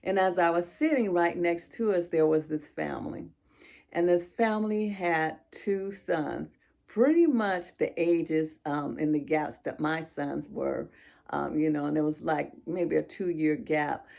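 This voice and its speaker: A middle-aged woman vlogger has a heartfelt, emotional chat with her viewers, halting and restarting as she speaks. Her voice is low-pitched, creaky and mellow.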